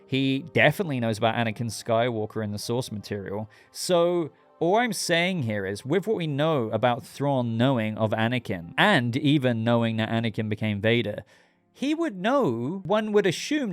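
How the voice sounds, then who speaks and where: A man's voice: medium pitch, very animated, moderate pace, soft background music. A man hosting his own channel, giving a casual, rambling episode review and talking straight to his viewers. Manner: rambling, chatty, addresses viewers directly.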